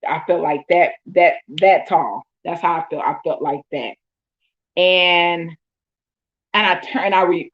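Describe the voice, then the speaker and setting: A woman's voice: lowish voice, lo-fi sound. A woman host, telling her own story in casual talk and acting out her thoughts in quotes.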